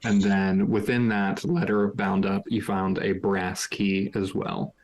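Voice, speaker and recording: A man's voice: on the low side, level tone, slow, a little mellow. A man narrating a tabletop game as game master, loose and full of fillers.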